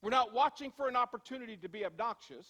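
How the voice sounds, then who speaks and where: A male pastor with a very high voice delivers a sermon, ringing with the long reverb of a church hall. He talks conversationally, slowing for emphasis and hurrying through asides. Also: a bit bright, muffled recording. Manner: conversational storytelling, shifting from slow emphasis to quick asides. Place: church sanctuary.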